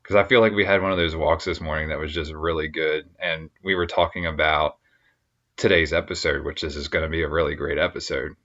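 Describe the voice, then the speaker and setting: A man with a very low voice co-hosts a podcast in relaxed, easygoing chat. The sound is a little dull and lo-fi. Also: fairly quick. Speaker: podcast co-host. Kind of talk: casual chat.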